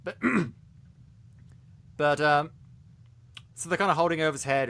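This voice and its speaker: A man's voice: a little high, slow, pauses often, a bit bright, clear, resonant tone. A man co-hosting a podcast, reviewing a series in casual chat, talking animatedly with many restarts and stumbles. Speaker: podcast co-host.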